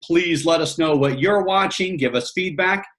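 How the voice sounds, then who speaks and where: A man's voice: on the high side, moderate pace, a bit bright. A man hosting a casual online show, upbeat and encouraging as he chats with his co-host. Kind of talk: casual chat.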